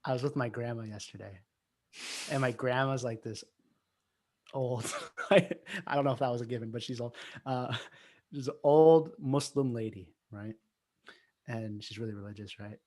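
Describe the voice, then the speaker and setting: A man's voice: medium pitch, moderate pace, a little mellow. A young man chatting casually on a podcast, telling a story with frequent laughs and swearing. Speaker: podcast co-host. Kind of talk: casual chat.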